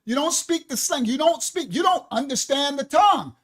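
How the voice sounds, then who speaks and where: Woman ministry teacher, high-pitched, loud and animated, cracks jokes in slang between points. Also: normal speed. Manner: animated, joking, slangy asides. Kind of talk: livestream teaching.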